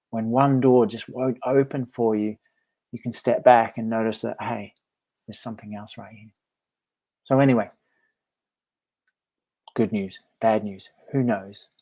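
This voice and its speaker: A man with a middle-pitched voice, talking casually to camera as a meditation teacher. He tells a parable in a friendly, reflective way, chuckling often and restarting his phrases. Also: fairly even intonation, a little slow, pauses often, warm tone. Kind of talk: casual storytelling vlog.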